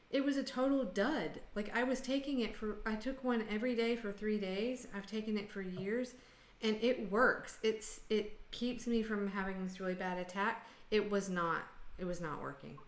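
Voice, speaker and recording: A woman's voice: medium pitch, normal speed, echoey room. An American woman hosting a casual group video call, venting bluntly and sarcastically. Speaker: host.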